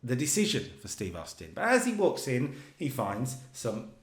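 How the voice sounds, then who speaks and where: Lively man in an echoey room. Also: medium pitch. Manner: animated storytelling, voices characters in quick asides. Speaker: co-host booking a wrestling video game. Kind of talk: casual commentary over gameplay.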